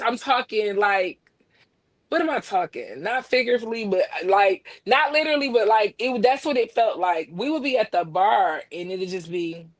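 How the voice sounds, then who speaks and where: Halting, heartfelt woman guest. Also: medium pitch. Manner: halting, repeats words, heartfelt. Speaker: podcast guest. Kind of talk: casual conversation about grief.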